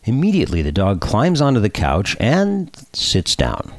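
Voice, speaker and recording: Male radio host, low and lively delivery, dry close mic. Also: moderate pace, no room sound. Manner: lively storyteller. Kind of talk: radio talk and joke telling. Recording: dry close studio sound.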